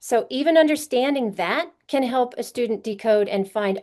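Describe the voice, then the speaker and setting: A woman's voice: on the high side, normal speed, a little mellow. A woman presenting a literacy workshop to teachers, explaining patiently and often checking in with a rhetorical question. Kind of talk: conference teaching session.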